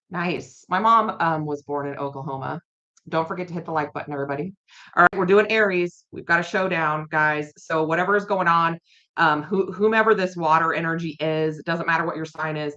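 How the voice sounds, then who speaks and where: Bright-voiced woman reading tarot live. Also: low voice. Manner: chatty, repeats phrases, reads viewer comments aloud. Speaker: tarot reader. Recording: dull lo-fi stream audio.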